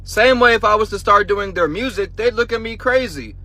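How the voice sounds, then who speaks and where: A man's voice: high voice, a little fast, sharp tone, rough recording. A man ranting bluntly and profanely in a direct-to-camera social media clip.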